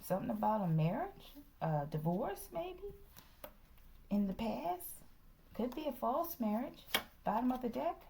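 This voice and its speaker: A woman's voice: fairly high pitch, very animated, measured pace, gravelly, mellow, slight background noise. Chatty tarot-reading woman, half-whispering. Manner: chatty, slips into whispers, says "okay" constantly. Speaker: tarot reader.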